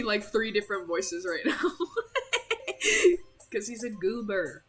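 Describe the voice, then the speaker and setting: A woman's voice: medium pitch, wildly swooping pitch, takes it slowly, a bit bright, slightly rough. Playful slangy woman streamer. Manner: playful and joking, lots of slang. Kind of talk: casual chat.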